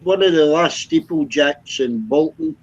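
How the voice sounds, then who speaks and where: Husky guy on a muffled call line, kinda slow plain talk. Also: fairly high pitch, lively intonation. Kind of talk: casual chat. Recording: dull breaking-up call line.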